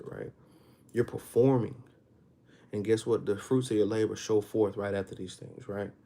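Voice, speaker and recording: A man with a Texas accent leads a Bible class in a relaxed, conversational way. His voice sits low and mellow, and he reads the verses at a slow pace before breaking them down in everyday slang with rising force. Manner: reads scripture slowly, then explains in casual street talk with rising emphasis. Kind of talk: informal scripture teaching.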